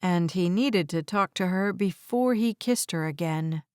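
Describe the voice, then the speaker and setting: A woman narrating an audiobook in a measured, even storytelling voice on a close mic. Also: on the low side, smooth, no echo.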